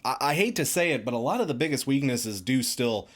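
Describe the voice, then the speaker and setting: A man's voice: mid-range voice, lively intonation, a little fast. A man giving a casual, chatty album review with emphatic asides. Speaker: music reviewer.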